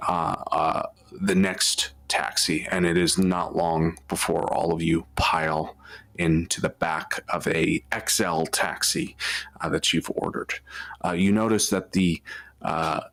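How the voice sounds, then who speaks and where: A man narrating a tabletop role-playing game as game master, unhurried, with many filler sounds. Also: deep voice, a bit bright.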